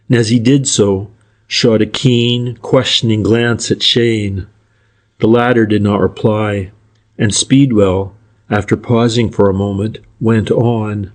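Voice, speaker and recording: A male audiobook narrator with a fairly low voice, reading a classic crime novel. He tells the story in a measured, even way.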